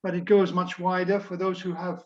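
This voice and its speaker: A man's voice: high voice, completely flat delivery, normal speed. An older man, a bishop, answering questions on a video call in a reflective, hesitant way with many uhs and ums. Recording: dull lo-fi video-call audio.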